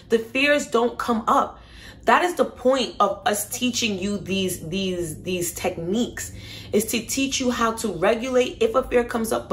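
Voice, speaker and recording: A woman's voice: medium pitch, a bit bright, a little hiss or hum. A woman vlogger giving an emphatic, repetitive motivational talk to her viewers, casual and swearing now and then.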